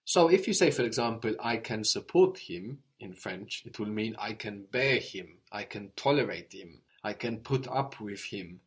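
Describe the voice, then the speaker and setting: Male tutor, slightly low voice, calm explainer who quizzes the learner. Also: normal speed, few pauses, breathy edge. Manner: patient, explanatory, prompts the student with questions. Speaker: language teacher. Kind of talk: interactive language lesson.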